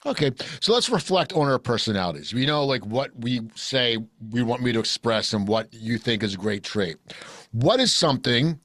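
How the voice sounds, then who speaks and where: A man hosting a casual group talk show, blunt and jokey, telling animated stories. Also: mid-range voice, normal speed, no echo, clean studio sound. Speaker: podcast host. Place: recording studio.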